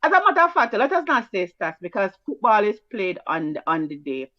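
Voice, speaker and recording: A woman with a Jamaican accent co-hosting a casual sports chat, teasing and quick-fire in her delivery. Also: mid-range voice, sing-song, dry recording. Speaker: co-host. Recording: dull, dry, lo-fi mic.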